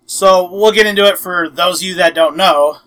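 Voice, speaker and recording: Hosting a casual podcast, a young man spins a lengthy tale, animatedly performing each quote with plenty of "I'm like." He sounds high-pitched and keeps a moderate pace on a low-quality recording.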